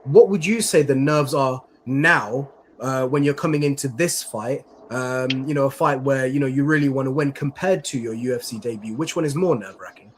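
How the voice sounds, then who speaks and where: A man's voice: medium pitch, moderate pace, few pauses. A male MMA interviewer asking long, rambling questions in a chatty, casual way.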